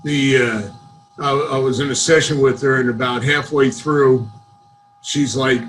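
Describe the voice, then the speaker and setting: A man's voice: medium pitch, moderate pace, a little hiss or hum, poor audio. A man doing a stand-up set of one-liners over a video call, with dry setup-and-punchline delivery. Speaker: stand-up comedian.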